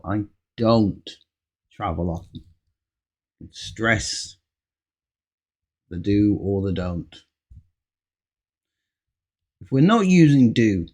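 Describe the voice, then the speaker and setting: A man teaching an English speaking lesson, patiently modelling example answers and stressing key words. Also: medium pitch. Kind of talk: slow, patient ESL lesson.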